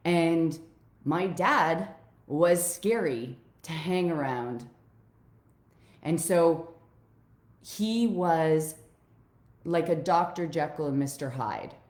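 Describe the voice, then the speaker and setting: A woman's voice: low-pitched, reverberant. A woman life coach talking raw and heartfelt to her viewers, swearing freely as she opens up about old pain. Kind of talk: emotional personal vlog to viewers.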